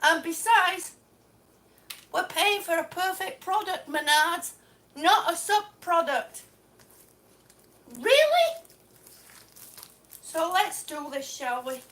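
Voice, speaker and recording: A woman with a very high voice, on a live stream at home, looks over damaged tiles at an unhurried pace. Her tone is exasperated and sarcastic, and she swears now and then. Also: fairly bright tone. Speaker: vlogger. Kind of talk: live-stream product complaint. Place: home, indoors.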